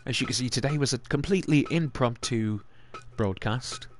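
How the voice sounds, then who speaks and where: A man giving theatrical, excitable play-by-play wrestling commentary. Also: medium pitch, quick pace, slight background noise. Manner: excitable, theatrical announcer delivery.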